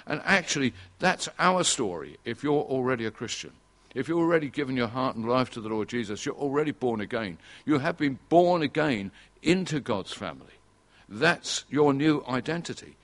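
A man's voice: medium pitch, a bit bright. An older man preaching an earnest sermon, repeating key phrases for emphasis.

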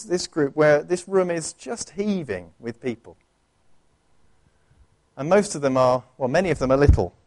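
Medium in pitch and a little mellow, a man's voice carries a pastor's sermon in church. His delivery is earnest and conversational, with frequent restarts of his sentences.

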